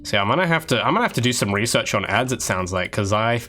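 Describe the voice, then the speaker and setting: A man's voice: medium pitch, lively intonation, fast talker, bright, forceful tone, faint music behind. A man, a game developer, chatting casually with viewers on a live stream while he works, rambling with restarts and asides. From Australia. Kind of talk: casual livestream chat while working.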